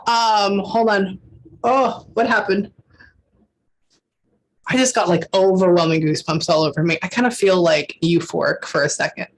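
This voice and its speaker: A woman's voice: fairly low pitch, fairly even intonation, slight background noise. Chatty woman giving a reading. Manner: emotional, keeps pausing to say hold on, swears casually. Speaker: psychic medium. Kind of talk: casual reading session. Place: lives in Texas.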